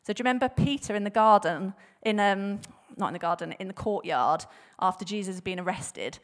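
A woman's voice: medium pitch, a little fast. A woman giving a casual, chatty church talk, with frequent fillers and laughter. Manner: chatty, laughs often, many fillers and restarts; animated, acts out bible quotes with voices. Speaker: church speaker.

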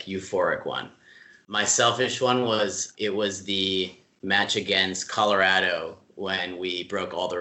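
A man telling stories in a casual interview, relaxed and full of fillers, laughing easily. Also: low voice, roomy sound. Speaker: club staff member being interviewed.

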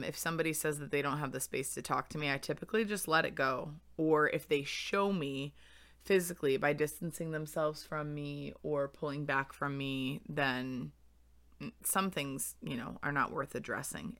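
A woman's voice: deep voice, a bit bright. A young woman hosting a podcast on her own, talking in a candid, reflective way and laughing easily. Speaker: podcast host. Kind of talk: solo podcast talk.

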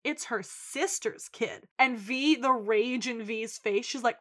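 Podcast lady retelling a tv episode, bright voice, animated, does the lines. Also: fairly high pitch, takes it slowly. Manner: animated storytelling, acts out quotes. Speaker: podcast co-host. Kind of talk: casual recap chat.

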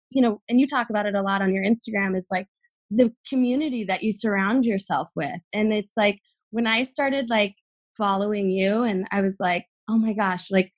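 Young woman podcast guest, mid-pitched voice, rambling and earnest, filler-heavy. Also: normal speed. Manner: chatty, gushing, many fillers. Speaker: guest, athlete. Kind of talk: casual podcast conversation.

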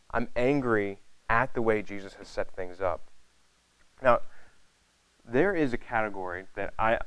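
A man's voice: fairly low pitch, no room sound, rough recording. A man preaching a conversational sermon, rambling casually with many fillers and restarts.

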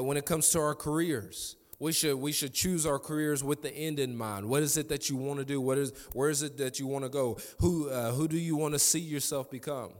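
Male pastor, 30s, mid pitch, emphatic storytelling sermon, long hall reverb. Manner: preaching with emphatic repetition and storytelling.

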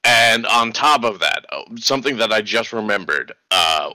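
A young man telling a casual story in a relaxed, dismissive way. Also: fairly low pitch, normal speed, dry recording, low-quality recording. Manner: laid-back storytelling, dismissive. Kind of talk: casual chat.

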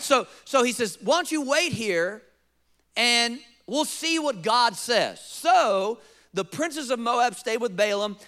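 A high-pitched male pastor preaches a sermon, acting out quotes and posing rhetorical questions. At times he drops into a soft, close appeal.

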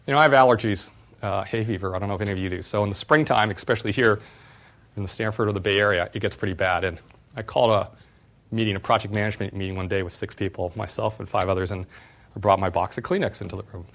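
A middle-aged man, a former startup CEO, giving a university talk and telling personal stories in an animated way. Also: on the low side, fast talker, vocal fry. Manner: animated storyteller, voice jumps up when retelling exchanges.

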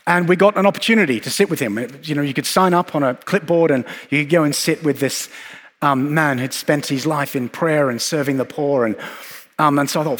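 A man preaching a sermon in an earnest, reflective way, with measured pauses and repeated phrases. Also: a little high, fairly bright tone. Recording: long hall reverb.

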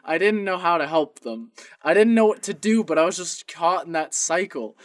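Young guy podcasting, tells stories and does all the voices, kinda high voice, dry close mic. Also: normal speed, no room sound. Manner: animated, acts out both sides of calls. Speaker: podcast co-host. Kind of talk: casual storytelling.

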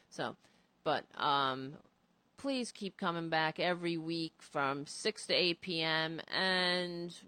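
A woman hosting a casual political talk show, rambling, cursing and animated as she talks. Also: on the low side, smooth, no room sound.

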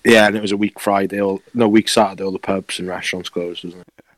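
A man's voice: low voice, fairly even intonation, fast talker. A man co-hosting a podcast in casual chat, laughing often and correcting himself mid-sentence. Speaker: podcast co-host.

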